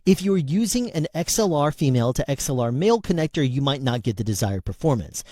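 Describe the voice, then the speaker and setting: Lively-voiced man reviewing a microphone. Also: mid-range voice, quick pace, no echo. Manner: conversational, demonstrating into different mics. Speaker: product reviewer. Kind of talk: casual product review demonstration. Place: small room at home with loud fans. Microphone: handheld dynamic microphone, close.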